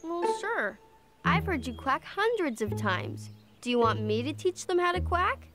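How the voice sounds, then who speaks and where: Gentle, curious cartoon bear cub, high, lively, slow delivery. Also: female voice, over loud music, heavily acted. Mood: friendly. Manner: friendly, curious.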